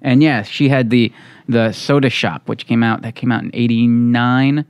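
A man's voice: mid-range voice, fairly even intonation, normal speed, clean tone, no echo. A man co-hosting a podcast in casual chat, making dry, wry asides. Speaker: podcast co-host.

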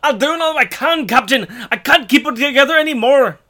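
A man's voice: very high voice, animated, normal speed, vocal fry, pushed and bright, breathy edge, pitched above the performer's own voice, full character voice. A man voicing a frazzled alien ship mechanic with a put-on Scottish lilt who pleads that he is doing all he can. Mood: pleading. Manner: pleading, overwhelmed.

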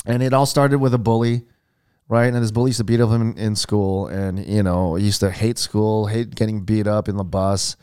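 A man's voice: fairly low pitch, steady tone, moderate pace, dark tone, smooth. A man from Hawaii co-hosting a casual podcast, telling stories in a rambling, profane way. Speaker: podcast co-host. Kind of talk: casual chat.

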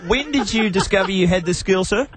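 A man's voice: high-pitched, animated, fairly quick, a crowd in the background. A man co-hosting a radio show, making dry wisecracks. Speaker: radio co-host. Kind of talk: casual radio chat.

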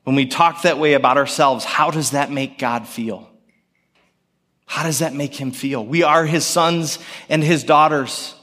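Earnest pastor preaching in reverberant hall. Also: male voice, fairly high pitch. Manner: earnest, storytelling with gentle pauses. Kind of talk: sermon. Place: church sanctuary. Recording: long church hall reverb.

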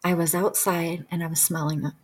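A woman's voice: on the low side, level tone, moderate pace, husky. A woman and past-life regression practitioner telling a personal story in a chatty, casual way, full of "like" fillers. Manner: chatty, many "like" fillers, acts out quoted dialogue.

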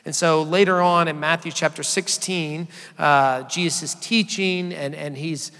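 A man's voice: on the high side, steady tone, measured pace, sharp tone. A man preaching a sermon as a pastor, talking conversationally and asking the congregation to call out answers. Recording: long hall reverb.

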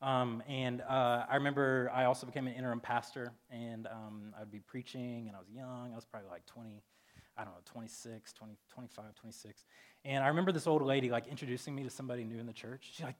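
A man in his thirties, a pastor giving a casual, chatty sermon full of "like" and "um", breaking into loud, lively retellings. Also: fast talker. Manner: chatty, filler-heavy, jumps loud and high in animated retellings.

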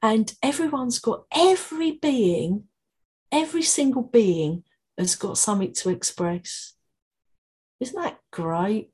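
Warm Cockney woman, calming and encouraging, podcast guest. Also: fairly high pitch, slow, husky. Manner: encouraging, laughs often. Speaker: guest, creative writing tutor. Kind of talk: podcast interview.

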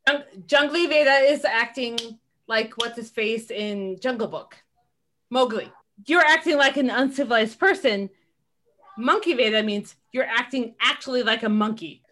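A woman's voice: on the high side, normal speed, a little hiss or hum. A woman in her forties co-hosting a podcast, chatting casually and laughing as she talks. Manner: animated, laughs while talking. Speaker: podcast co-host. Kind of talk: casual chat.

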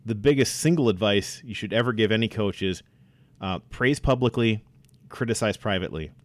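A man co-hosting a casual sports podcast, talking in a relaxed, drawling way about coaching. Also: fairly low pitch, fairly quick, dry recording. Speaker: podcast co-host.

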